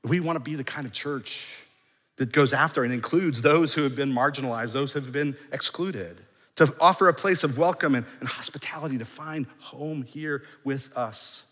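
Bright-voiced male pastor preaching in a reverberant hall. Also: mid-range voice, normal speed. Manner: emphatic preaching with repeated phrases, swelling louder. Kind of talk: sermon. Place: church sanctuary. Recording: long hall reverb in a church.

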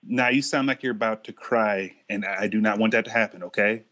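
A man's voice: lowish voice, brisk, sharp tone. A man prank calling as a fake company supervisor, mock-polite and condescending toward the woman on the line. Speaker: prank caller posing as a supervisor.

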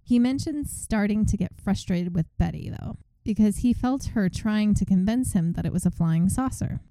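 A woman's voice: mid-range voice, moderate pace, no echo, rough recording. A woman podcast host casually retelling a story and acting out its quotes. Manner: animated retelling, reenacts quotes.

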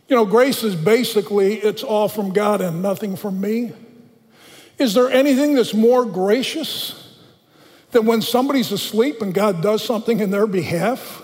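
A man preaching a conversational sermon in a church, slowing down to read scripture aloud. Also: sits high, a little mellow, in a large hall. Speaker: pastor.

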